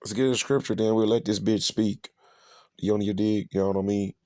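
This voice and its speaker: With a lowish, fairly even and dark-toned voice, recorded without echo, this preacher rants through a cursing sermon commentary. He keeps circling back to the same points, hammering drawn-out emphasis and asking again and again whether his listeners see.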